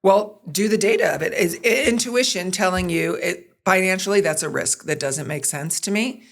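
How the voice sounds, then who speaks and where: Lowish-voiced woman telling stories animatedly. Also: normal speed, gravelly. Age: middle-aged. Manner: animated storyteller, acts out quotes. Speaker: guest, sports broadcaster and producer. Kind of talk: conversational podcast interview.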